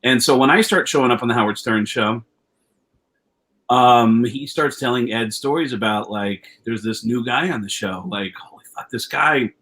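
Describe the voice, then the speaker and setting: A comedian telling a long anecdote, animated, swearing freely and jumping into quoted voices, heard over a video call. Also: male voice, medium pitch, normal speed. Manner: animated storyteller, acts out quotes with raised voice; profane, rambling with many restarts. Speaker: comedian guest. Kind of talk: storytelling anecdote.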